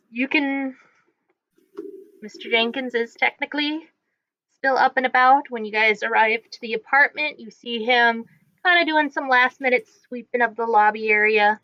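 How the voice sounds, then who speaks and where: A woman's voice: a little high, a little slow, long pauses, no room sound. A woman running a tabletop game as game master, narrating casually with many fillers. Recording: dry, dull lo-fi mic.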